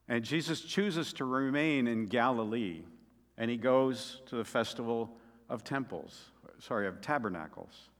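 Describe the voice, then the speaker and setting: A man preaching a sermon in a mid-pitched voice, his words trailing off into a long hall reverb. He tells the scripture story dramatically, rising to loud emphasis and then falling to soft, quiet asides. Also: unhurried. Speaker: pastor.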